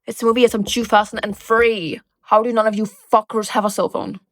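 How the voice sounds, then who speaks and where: A young woman vlogging in casual chat, animated and sarcastic, swearing a lot and tagging lines with "like" and "right?". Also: medium pitch, fairly quick, no echo. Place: bedroom.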